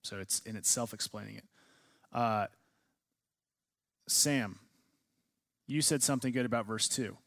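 A man's voice: lowish voice, measured pace, gravelly, pauses often, a bit bright, no echo, studio quality. A man teaching a class, leading a discussion and asking students many questions. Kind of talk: classroom lecture.

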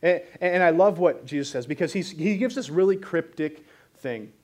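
A man preaching a sermon, reading scripture and explaining it in an animated, joking style. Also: fairly high pitch, moderate pace.

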